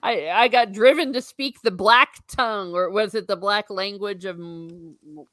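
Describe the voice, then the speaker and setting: A woman's voice: medium pitch, normal speed, a bit bright, dry recording, clean studio sound. A woman with an Irish accent hosting a casual book discussion, chatty and laughing often. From Ireland. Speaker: host.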